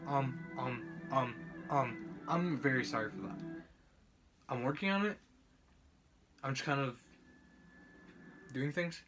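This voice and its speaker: Bright-voiced young man, rambling and casual. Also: medium pitch. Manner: rambling, filler-heavy, self-correcting. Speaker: student presenter. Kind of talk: casual book-chapter presentation.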